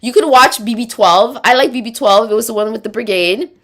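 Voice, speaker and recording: A woman's voice: fairly high pitch, fairly quick, fairly bright tone. Chatty woman rambling through viewer comments. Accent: Quebec French. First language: French. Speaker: livestream host reading chat. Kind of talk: casual livestream chat.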